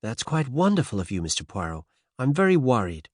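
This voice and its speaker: A man's voice: medium pitch, big pitch swings, fairly quick, a little mellow, no echo, clean studio sound, voice pushed up. A man reading the part of a determined, worried American woman of about thirty in an audiobook. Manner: earnest, worried pleading.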